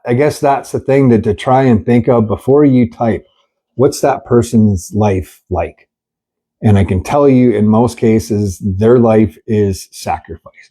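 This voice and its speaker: A middle-aged man talks straight to camera in a husky, mellow voice, grieving and angry. He rambles with lots of fillers and "you know"s, and he swears bluntly. He sounds like an animal rescue worker speaking off the cuff. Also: mid-range voice. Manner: earnest, rambling, frequent fillers. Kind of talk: candid talk to camera. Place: sitting with dogs at the rescue.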